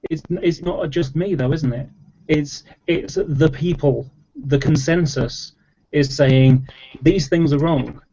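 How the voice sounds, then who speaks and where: A man's voice: on the high side, slow, warm tone, a little hiss or hum. A man explaining at length in casual chat, rambling with lots of fillers and restarts. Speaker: debater in an online chat. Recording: dull lo-fi audio.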